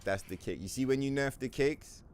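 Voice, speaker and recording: A man's voice: mid-range voice, a little fast, darkish tone, faint music behind. A young man streaming a game, ranting casually with lots of profanity and playful mock voices. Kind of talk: casual livestream rant while gaming.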